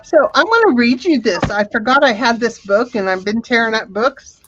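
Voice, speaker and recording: A woman's voice: on the high side, lively intonation, normal speed, muffled recording, noisy background. A woman hosting a casual video chat with friends, reading out quotes from a book.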